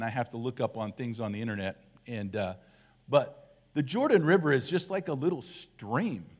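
A middle-aged man, a church elder, preaching a casual, humorous sermon full of animated asides and self-deprecating jokes. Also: medium pitch.

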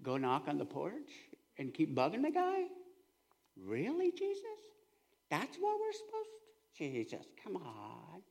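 A man's voice: lowish voice, huge pitch swings, extremely slow, pauses often, a bit bright, big-room sound, pitched below the performer's own voice, full character voice. A man voicing a skeptical, baffled disciple who mutters in disbelief. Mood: doubtful.

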